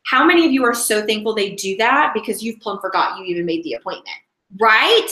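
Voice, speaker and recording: A woman's voice: medium pitch, expressive, a little fast, pushed and bright, reverberant, low-quality recording. A woman team leader giving a casual training talk, chatty and rambling, often breaking off and restarting her sentences. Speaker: direct sales team leader.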